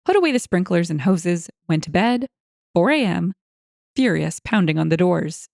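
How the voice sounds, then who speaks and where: Reading online stories from a script, this woman narrates expressively at normal speed, with vocal fry and lively, animated shifts in pitch. She drops wry asides between the lines, and the close, dry recording carries no room sound.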